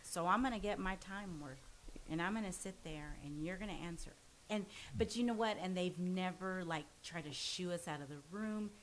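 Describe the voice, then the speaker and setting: Earnest, lower-pitched woman telling her story. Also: normal speed, slight background noise, rough recording. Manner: earnest and forthright, self-described pushy. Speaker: podcast guest. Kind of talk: candid storytelling in casual conversation.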